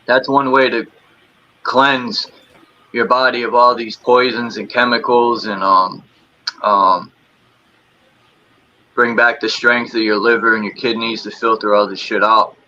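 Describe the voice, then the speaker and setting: A man's voice: mid-range voice, flat delivery, unhurried, long pauses, sharp tone. A man in a casual group chat talking frankly and profanely, acting out his inner voice. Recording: dull lo-fi sound.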